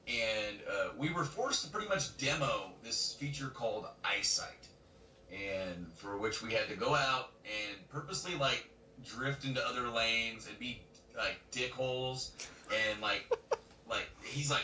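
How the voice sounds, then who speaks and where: A man's voice: medium pitch, unhurried. Man telling a story over a roomy webcam mic. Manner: animated, laughing, acts out other people's lines. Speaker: podcast co-host. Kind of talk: casual storytelling chat. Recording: roomy webcam mic from a distance, faint noise.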